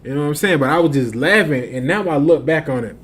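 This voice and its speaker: A man's voice: on the high side, animated, fast talker, slightly rough. A man telling a long street story in casual slang, laughing often and acting out the other voices.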